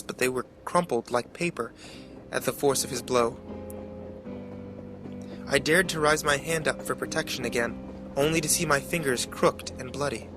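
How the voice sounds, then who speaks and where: A man narrating a horror story in a measured, dramatic way. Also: medium pitch, sharp tone, a little hiss or hum.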